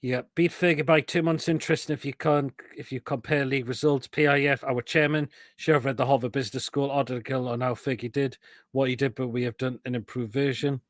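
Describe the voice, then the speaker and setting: A man's voice: mid-range voice, steady tone, brisk, no echo. Male host of a live football chat show, blunt and sweary, dry close sound. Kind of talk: casual live football chat, reading viewer comments.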